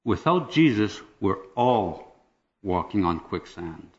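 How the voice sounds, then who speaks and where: A man telling a personal testimony as a lively story, often chuckling and checking in with "right?" and "okay?". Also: fairly low pitch, slow pace, lo-fi sound.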